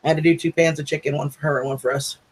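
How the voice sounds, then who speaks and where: A man's voice: a little high, level tone, very fast. Chatty man hosting a livestream. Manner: chatty, proud of his cooking. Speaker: livestream host. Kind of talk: casual livestream chat.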